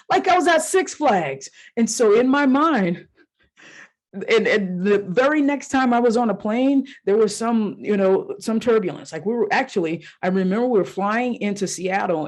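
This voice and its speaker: A woman coach hosts her podcast alone and talks straight to the listener. She tells her stories in a loose, candid way, with a swear word here and there. Now and then she acts out her own inner voices. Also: mid-range voice. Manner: casual and candid, with mild swearing. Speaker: life coach and podcast host. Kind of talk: solo podcast monologue.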